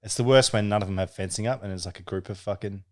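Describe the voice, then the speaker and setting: Aussie guy podcasting, deep-ish voice, swears heaps and cracks up. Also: fast, no room sound, clean studio sound. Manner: sweary, laughs often. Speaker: podcast co-host. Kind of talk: casual banter.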